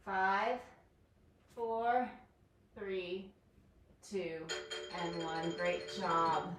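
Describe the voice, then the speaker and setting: A woman fitness instructor guides a home workout, drawing out her words and pausing often in a medium-pitched, fairly bright voice. She counts down reps and cheers viewers on, upbeat and encouraging. The echoey room, distant mic and faint noise color the recording.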